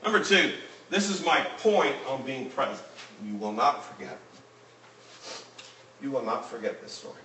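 A man's voice: mid-range voice, big pitch swings, moderate pace, long pauses, bright, forceful tone, a little hiss or hum. A man teaching a Bible class in an earnest tone, reading scripture aloud to the group. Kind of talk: Bible lesson. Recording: roomy room, mic at a distance.

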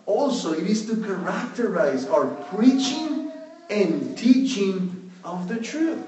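A pastor delivers a sermon in a slow, measured way, often leaning on "you know." His voice sits a bit high for a man. He is heard from some distance in an echoey room. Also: darkish tone. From Mexico.

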